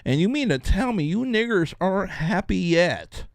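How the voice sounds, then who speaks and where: A man's voice: high voice, big pitch swings, moderate pace, gravelly, no echo, clean studio sound, exaggerated voice. A man putting on a mocking impression of a smug, condescending male politician, exaggerated and sneering.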